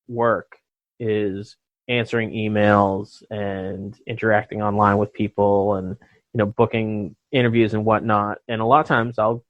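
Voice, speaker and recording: A man's voice: lowish voice, no echo. Casual, laughing podcast host man. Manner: joking, laughs often. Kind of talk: casual chat. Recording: dull lo-fi podcast audio.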